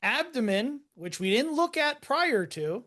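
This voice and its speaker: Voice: mid-range voice, sing-song, measured pace, pushed and bright. A podcast host narrating a medical case in a loose, chatty way, full of filler words. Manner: casual, many fillers, teasing. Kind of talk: casual case walkthrough.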